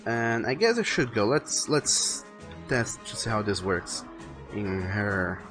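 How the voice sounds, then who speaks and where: A man's voice: fairly low pitch, very animated, takes it slowly. A man chatting casually while drawing on a live stream, rambling and thinking aloud, often repeating words as he goes. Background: faint music playing.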